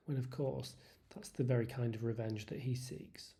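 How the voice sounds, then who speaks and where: Brief: relaxed, slow-talking literature tutor analysing a play. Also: medium pitch. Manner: informal, thoughtful, with fillers.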